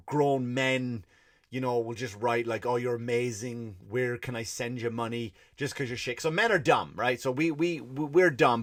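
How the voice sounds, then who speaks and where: A man's voice: medium pitch, fairly bright tone, dry recording. Sweary Irish man ranting, bone-dry sound. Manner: profane, exasperated, sarcastic. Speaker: podcast host. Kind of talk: comedic rant.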